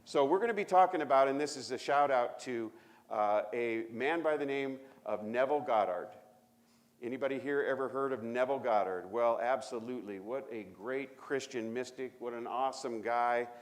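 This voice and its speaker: A man pastor giving a sermon in a conversational, emphatic way, speeding up and slowing down as he makes his points. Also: mid-range voice. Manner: conversational, emphatic, varies pace and volume freely. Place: church sanctuary.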